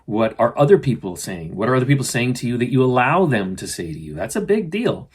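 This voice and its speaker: A middle-aged man, host of a spiritual podcast, talking earnestly and gently about self-love, often voicing his own inner dialogue. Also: mid-range voice, very animated, fairly quick, husky. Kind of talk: casual spiritual self-help talk.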